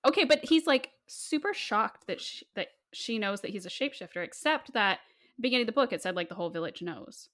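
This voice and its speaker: A woman's voice: medium pitch, expressive, a little fast, a bit bright. A young woman co-hosting a casual book discussion, sarcastic and swearing freely with lots of "like.".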